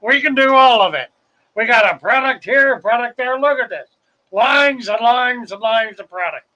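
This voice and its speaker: A man's voice: very high voice, expressive, normal speed, bright, forceful tone, pitched above the performer's own voice, heavily acted, rough recording. A man voicing a pushy salesman who hawks products in a mocking hard-sell patter. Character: pushy male product salesman hawking everything.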